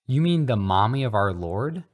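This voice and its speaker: A man's voice: on the low side, animated, normal speed. A man voicing a naive, earnest schoolboy who is new to his faith. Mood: earnest curious. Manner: earnest, innocent, indignant at times.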